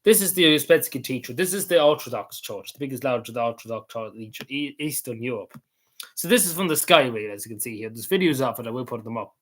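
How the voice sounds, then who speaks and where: Here a hoarse-voiced vlogger from Ireland, speaking with a Cavan accent, casually rambles about his travel photos, repeating himself and cursing from time to time. His medium-pitched delivery is animated and a little fast.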